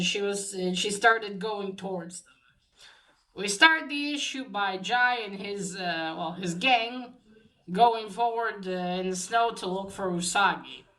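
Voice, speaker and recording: A woman's voice: medium pitch, bright, forceful tone, poor audio. A woman casually recapping a comic book issue, rambling with many fillers and restarts as she quotes the characters.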